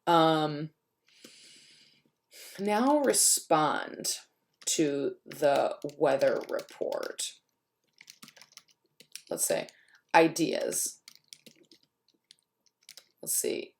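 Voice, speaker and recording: A woman with a low speaking voice walks through a screencast tutorial at her computer. She is chatty and thinks out loud as she goes, and keys clack behind her. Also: animated, drawn-out words, gravelly, long pauses. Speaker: teacher. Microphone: computer mic while screen recording. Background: keyboard typing.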